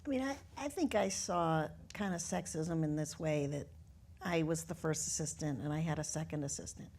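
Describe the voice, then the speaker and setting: A woman's voice: low-pitched, normal speed, gravelly, darkish tone. A woman who has worked on camera crews tells a set anecdote on a panel, matter-of-fact and wry. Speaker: camera crew veteran.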